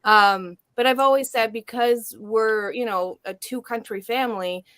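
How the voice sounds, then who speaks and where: A woman's voice: on the high side, measured pace, a bit bright, clear, resonant tone, poor audio. A woman from Canada hosting a livestream, telling stories in casual chat. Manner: chatty storyteller. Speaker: livestream host.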